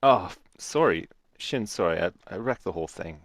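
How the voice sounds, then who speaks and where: A man's voice: low voice, expressive, moderate pace, vocal fry, a bit bright, no echo, clean studio sound. A man co-hosting a casual gameplay chat, self-deprecating and mumbling his asides. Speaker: co-host.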